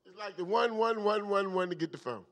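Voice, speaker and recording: A high-pitched man preaching at a midweek Bible study. He talks in an animated way, leaping from loud hallelujahs to quiet, low asides. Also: brisk. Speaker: pastor.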